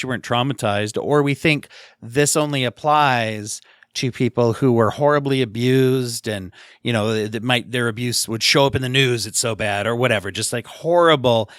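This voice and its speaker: A man's voice: mid-range voice, a bit bright, dry recording, studio quality. A man hosting a podcast, asking long, thoughtful questions and reflecting on his guest's answers. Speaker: podcast host. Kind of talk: conversational interview.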